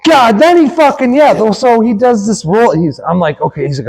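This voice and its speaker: A man's voice: high-pitched, brisk, creaky, hardly any pauses, husky, poor audio. A man who wrestles, telling backstage stories in casual chat, swearing freely and acting out what people said. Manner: animated, profane, acts out quotes loudly.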